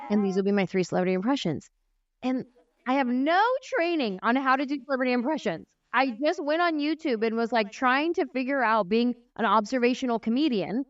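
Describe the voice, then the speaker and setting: A woman in her forties, a comedian and guest on a podcast, telling stories in a casual, animated way and acting out the voices she describes. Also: on the high side, no echo. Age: 40s. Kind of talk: casual storytelling in a podcast interview. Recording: dry, slightly muffled lo-fi sound.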